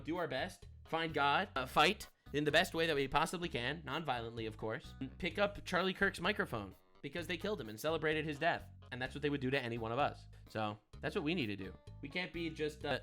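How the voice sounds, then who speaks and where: A man's voice: fairly high pitch, a bit bright. A man hosting a commentary show, ranting emphatically and tagging his points with "all right?". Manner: emphatic, preachy, keeps adding "all right?". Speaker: commentary host. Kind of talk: reaction commentary rant.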